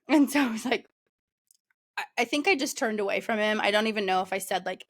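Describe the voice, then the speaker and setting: A woman's voice: medium pitch, fairly quick. A young woman co-hosting a podcast, chatting casually with many fillers and frequent laughter. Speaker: podcast co-host. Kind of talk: casual chat.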